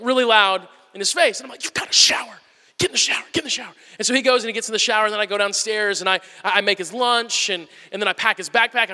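A man in his thirties, a pastor giving an animated, storytelling sermon to his church. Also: high-pitched. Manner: animated storytelling, acts out whisper-yelling. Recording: long hall reverb.

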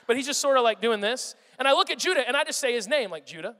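High-voiced pastor in a reverberant hall. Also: male voice, quick pace. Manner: animated storytelling, acts out his kids' voices. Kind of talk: sermon with personal stories.

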